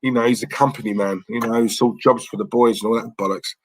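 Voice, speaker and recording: A man running a live stream reads out viewer messages and rambles in a blunt, casual way. His medium-pitched, husky voice keeps a steady tone at a quick pace, with no room sound and poor audio.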